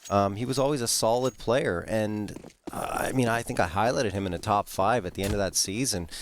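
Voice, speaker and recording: A man's voice: lowish voice, a little fast, slight background noise. Chatty male esports analyst. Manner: chatty and easygoing, full of fillers like you know. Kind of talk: live esports color commentary.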